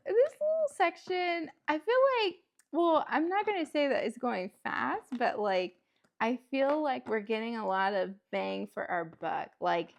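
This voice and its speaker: A woman's voice: sits high, big pitch swings, normal speed, creaky. A woman at home chatting casually while building a toy kit, rambling with lots of fillers and self-talk, laughing often. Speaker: host.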